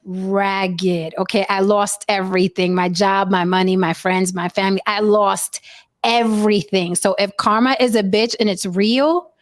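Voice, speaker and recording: A woman telling a wild personal story in casual chat, profane and animated. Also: medium pitch, measured pace.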